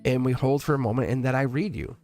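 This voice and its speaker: A middle-aged man hosting a live tarot reading stream, talking warmly and at length to his viewers, rambling with frequent restarts and laughs. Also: medium pitch, fast, soft background music. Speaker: live tarot reader and channel host.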